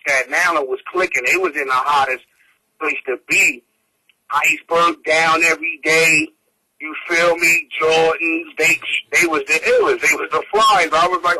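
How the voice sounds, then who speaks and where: A man's voice: fairly high pitch, fairly even intonation, moderate pace, bright, forceful tone, rough recording. A man telling a story in casual, slangy street talk. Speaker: interviewee.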